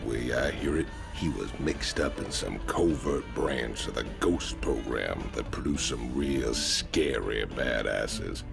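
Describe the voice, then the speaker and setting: A man voicing a gruff, grizzled soldier in a video game, with a gravelly voice. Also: a bass voice, takes it slowly, hardly any pauses, over music, exaggerated voice. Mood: wary.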